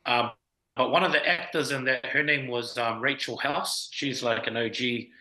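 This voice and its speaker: Speaking at a moderate pace with fairly even intonation, the man has a medium-pitched voice and a sharp tone. He's a film writer and producer from New Zealand, a guest in a casual interview, telling his story in laid-back slang peppered with fillers; the room echoes noticeably.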